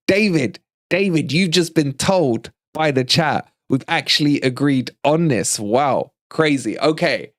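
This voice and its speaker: A man's voice: on the high side, a little slow, no room sound, clean studio sound. Teasing man hosting a live stream. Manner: animated, teasing, laughs often. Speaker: fan channel livestream host. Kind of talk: casual live-stream chat.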